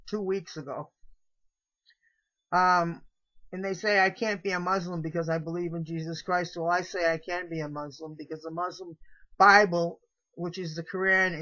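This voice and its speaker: A middle-aged woman rambles through a confessional monologue straight to camera, circling back and restarting her thoughts. Her voice is bright and tense. The sound is dull and lo-fi, picked up by a built-in camera mic. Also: fairly low pitch. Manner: rambling, meandering, with trailing restarts. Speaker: vlogger. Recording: dull lo-fi home video audio.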